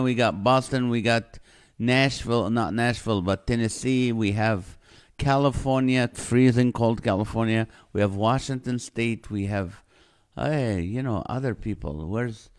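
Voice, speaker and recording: A man's voice: mid-range voice, smooth. A man hosting a casual livestream from home, greeting viewers by name and joking as he reads their comments. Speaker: livestream host. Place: home in California.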